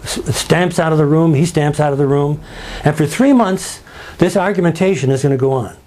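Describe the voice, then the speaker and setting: A man's voice: fairly high pitch, fairly quick, a little mellow. A man guiding visitors through a story with emphatic, dramatic telling, acting out the people he quotes and asking rhetorical questions. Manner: dramatic, acts out quotes in changing voices. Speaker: museum guide. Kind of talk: storytelling talk.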